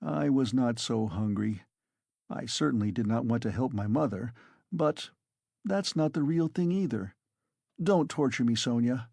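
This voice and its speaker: A man's voice: medium pitch, unhurried, creaky, a little mellow, no echo, clean studio sound. A man reading a tormented young man. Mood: brooding. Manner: anguished pleading. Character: young male student, tormented, desperate, bitter. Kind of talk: audiobook character reading.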